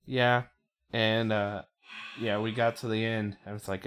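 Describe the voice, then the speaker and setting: A woman with a strikingly low voice co-hosts a casual podcast. She chats in an easy, agreeable way and laughs often as she talks. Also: level tone, measured pace, clear, resonant tone. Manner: giggly, chatty, agreeable. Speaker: podcast co-host. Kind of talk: casual chat.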